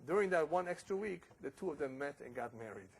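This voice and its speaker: A man's voice: on the high side, lively intonation, quick pace, gravelly, a little hiss or hum, low-quality recording. A man giving a religious lecture as a rabbi, telling stories and sprinkling in Hebrew and Yiddish terms.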